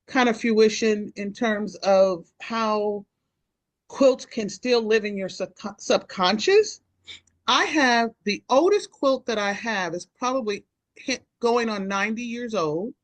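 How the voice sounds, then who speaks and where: A woman being interviewed for an oral history, telling a personal story in a deliberate way with drawn-out pauses. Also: medium pitch, fairly bright tone, dry recording.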